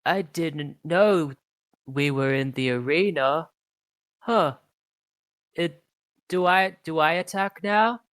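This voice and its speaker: A tabletop game master voicing a dim, gentle, apologetic female earth elemental who keeps saying sorry. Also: medium pitch, slow pace, pauses often, no room sound, clean studio sound, voice pushed up. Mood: confused. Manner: meek, polite, keeps apologizing.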